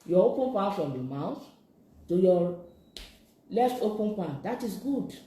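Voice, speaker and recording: A sign language instructor, teaching slowly and patiently in a live-streamed lesson, repeating each phrase many times. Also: medium pitch, expressive, dark tone. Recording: echoey room.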